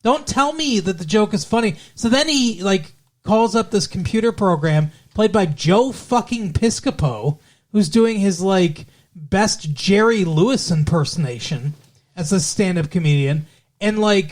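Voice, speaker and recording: Man, podcast co-host, casual chat, animated, profane, lots of fillers, somewhat high voice. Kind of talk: casual chat recapping a TV show.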